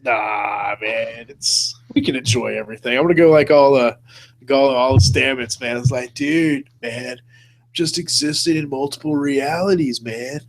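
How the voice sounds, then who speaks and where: A man's voice: mid-range voice, moderate pace. A man hosting a casual live-stream chat. He talks in a laid-back way, laughs often and keeps saying "man" and "dude". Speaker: host.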